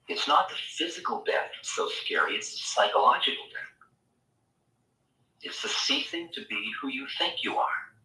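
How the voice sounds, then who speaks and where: Male spiritual teacher, animated storyteller, piercingly bright tone, distant mic. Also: fairly low pitch, normal speed. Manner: animated storytelling, acting out imagined voices. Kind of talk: spiritual lecture. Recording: echoey room, mic far off.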